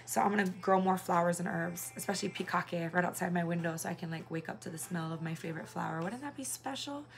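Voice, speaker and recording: A woman's voice: fairly low pitch, little pitch movement, fast talker, creaky, faint music behind. A woman in her thirties from Hawaii, a singer and mother, chatting casually on a livestream and rambling with many fillers.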